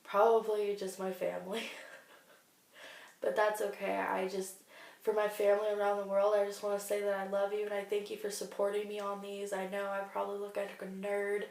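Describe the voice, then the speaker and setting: Young woman in her twenties, heartfelt diary vlogger, gravelly fry in a flat voice, recorded in an echoey room from a distance. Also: medium pitch, brisk. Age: 20s. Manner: earnest, heartfelt, faith-filled. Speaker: vlogger sharing a cancer diary. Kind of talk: personal video diary.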